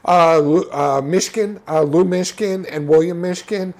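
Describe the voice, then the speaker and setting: New guy, gravelly husky voice, kinda high for a man, telling stories all excited and tripping over his words. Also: unhurried. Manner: animated, repeats words, restarts, laughs while telling stories. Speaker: filmmaker guest. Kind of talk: casual storytelling interview.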